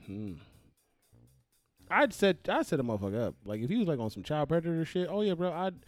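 A man in casual, profane podcast chat, loud and often laughing. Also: a little high, very animated, fairly quick, no echo, soft background music.

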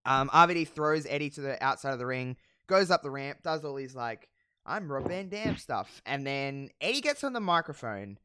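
A podcast host casually recapping a wrestling show, telling it with animated, profane storytelling and frequent laughs. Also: medium pitch, normal speed, few pauses, smooth, dry recording, clean studio sound. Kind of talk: casual chat.

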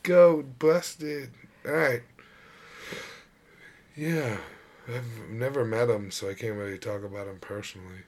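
A man's voice: lowish voice, fairly even intonation, moderate pace, long pauses, a little hiss or hum. A young man chatting on a casual sports podcast. He delivers his jokes dry and matter-of-fact, sparring with his co-host.

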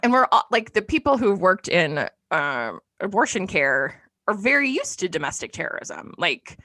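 A woman co-hosting a podcast, talking bluntly and matter-of-factly in casual discussion, with filler pauses. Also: mid-range voice, sing-song, sharp tone, dry recording.

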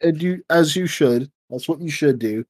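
A man's voice: on the high side, normal speed, darkish tone, slightly rough. A man co-hosting a casual podcast, laid-back, swearing freely and steering the chat. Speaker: podcast co-host.

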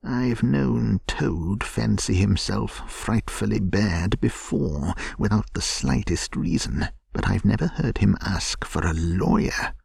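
A man voicing a hearty, sensible male water rat who scolds his friend, in a gentle bedtime storybook reading. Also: on the low side, animated, slow, creaky, few pauses, slightly rough, no room sound, clean studio sound, exaggerated voice.

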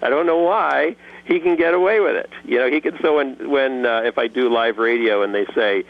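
Animated man, dull lo-fi recording. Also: medium pitch, brisk, gravelly, dry recording. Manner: animated, jokey, slips into character voices. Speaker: guest voice actor and creator. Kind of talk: casual interview answers.

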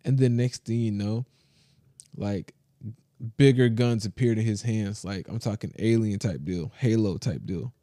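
Slangy, animated male podcast storyteller. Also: lowish voice, measured pace, dry recording, studio quality. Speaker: podcast co-host. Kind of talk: casual chat. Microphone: close to the mic.

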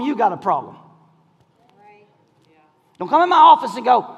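A male pastor preaching to his congregation in a church, his high voice leaping up and down as he moves from shouting to soft, hushed lines. His words ring out with a long hall reverb from the room. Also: very animated, moderate pace, vocal fry, breathy edge, muffled recording. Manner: swings from shouting to near whispers, call-and-response. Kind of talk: sermon. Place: church sanctuary.

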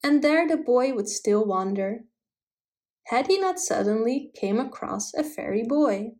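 A woman with a slightly high voice reads a fairy tale aloud. Her telling is steady and gentle, in a storybook manner. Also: a little slow. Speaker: narrator. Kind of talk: storybook reading.

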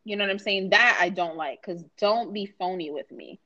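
A woman's voice: medium pitch, normal speed, bright, forceful tone, highs cut off. A woman co-hosting a podcast in casual chat, venting emphatically and profanely, often asking "you know what I'm saying". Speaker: podcast co-host.

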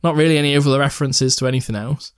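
A man's voice: medium pitch, racing, clear, resonant tone, no room sound. Young guy rambling about movies, swears a lot, dry close sound. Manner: rambling, sweary, laughs often. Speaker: podcast co-host. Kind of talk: casual film chat.

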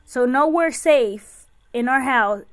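A woman's voice: high-pitched, takes it slowly. A woman hosting a podcast, chatting casually and telling stories about raising her kids. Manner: chatty, anecdotal storytelling. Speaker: podcast host and mother. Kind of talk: casual chat.

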